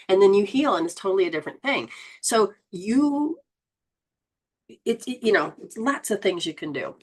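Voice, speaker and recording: A woman hosting a spiritual live stream, reading viewer comments and coaching them in a lively, exclaiming, rambling way. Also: medium pitch, brisk, husky. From Southern Hemisphere. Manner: animated, exclaims and laughs often. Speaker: host.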